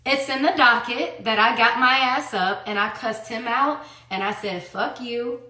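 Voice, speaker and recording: A woman's voice: on the high side, normal speed, bright, forceful tone. A woman giving a heated personal account in an interview, blunt and profane, who hammers her points with repeated rhetorical questions. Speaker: interview guest. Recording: echoey room.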